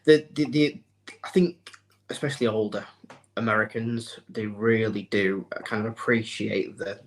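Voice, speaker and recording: Man hosting a podcast, low voice. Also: steady tone, unhurried, poor audio. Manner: agreeable, frequent short backchannels. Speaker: podcast host. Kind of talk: casual interview chat.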